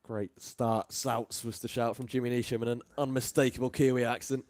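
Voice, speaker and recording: A man from England doing live ball-by-ball cricket commentary, chatty and quick to laugh between deliveries. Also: medium pitch, level tone, darkish tone, no room sound.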